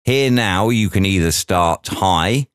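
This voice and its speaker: A man's voice: low-pitched, lively intonation, slow pace, clear, resonant tone, no room sound, studio quality. A man teaching audio editing, talking through each step aloud with chatty asides. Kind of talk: software tutorial walkthrough.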